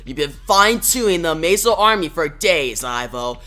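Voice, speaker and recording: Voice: medium pitch, expressive, moderate pace, sharp tone, soft background music. Comic recap: reviewer voicing a pushy crime boss, near the reviewer's own voice. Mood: demanding. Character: impatient male crime boss.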